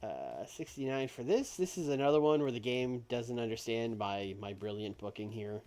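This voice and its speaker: A man casually commentating on a wrestling booking game he streams, in an animated, jokey, rambling way. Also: medium pitch, moderate pace. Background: faint background music.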